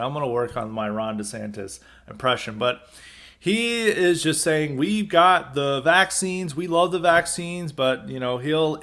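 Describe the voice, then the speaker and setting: A man's voice: on the high side, a bit bright. A man hosting a podcast, delivering an unscripted political commentary monologue in a loose, conversational way with wry chuckles. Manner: loose and conversational, frequent filler words and restarts, wry chuckles. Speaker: podcast host.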